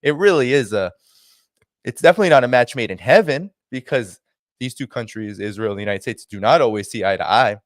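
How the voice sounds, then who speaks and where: A man speaking as a guest commentator on a livestream, arguing his points forcefully. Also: medium pitch, lively intonation, a little fast, no room sound, clean studio sound.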